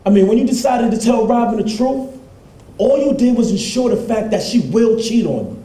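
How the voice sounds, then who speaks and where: A man plays a cocky young abuser, defiant and dismissive. His voice is fairly high, mellow and lively, heard in a roomy indoor space. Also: fairly quick. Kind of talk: independent film drama acting.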